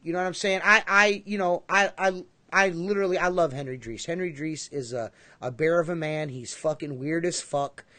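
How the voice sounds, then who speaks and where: A man co-hosting a casual livestream podcast, talking in a high voice. He rambles, swears constantly and leans hard on his points. The sound is dry and close, with no room around it. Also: normal speed, few pauses, bright, forceful tone, dry recording. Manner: profane, rambling, emphatic. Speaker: podcast co-host.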